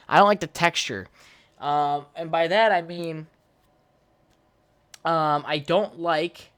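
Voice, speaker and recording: Rambling, foul-mouthed young man, smooth voice. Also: a little high, a bit bright, dry recording. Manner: rambling, profane, laughs at his own jokes. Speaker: podcast host. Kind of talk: casual solo podcast chat.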